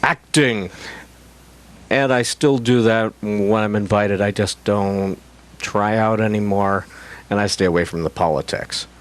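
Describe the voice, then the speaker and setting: A middle-aged man, a guest actor, chatting casually on a talk show with wry, deadpan self-mocking humor. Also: lowish voice, measured pace. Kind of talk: casual chat.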